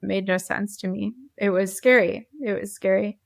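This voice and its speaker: A woman's voice: medium pitch, level tone, normal speed, creaky. A woman who is an airline pilot, talking earnestly in an interview and repeating phrases for emphasis. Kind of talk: faith-filled interview talk.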